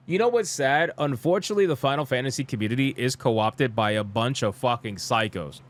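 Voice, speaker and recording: Ranting young man, fairly high voice. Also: expressive, fast talker, fairly bright tone. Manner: blunt, exasperated ranting with profanity; reads comments aloud. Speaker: streamer. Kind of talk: live gaming news commentary.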